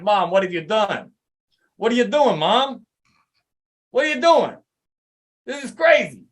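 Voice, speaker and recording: Brash old italian dude ranting loud, voice jumping way up high, a guy putting it on. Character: loud crude older Italian man.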